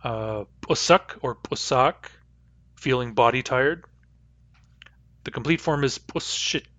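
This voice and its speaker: A man teaching a language lesson, repeating each example word slowly and carefully. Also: mid-range voice, a bit bright, no echo. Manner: slow, careful repetition of example words.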